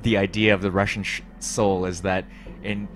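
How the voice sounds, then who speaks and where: A man's voice: sits low, level tone, moderate pace, soft background music. A man co-hosting a let's play, making dry remarks and searching for words in casual commentary.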